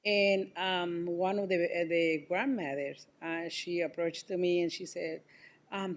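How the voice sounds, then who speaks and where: A woman's voice: on the low side, fairly even intonation, unhurried. A woman preschool teacher on a panel, telling a story hesitantly with many ums and easy laughter. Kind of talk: casual anecdote on a panel.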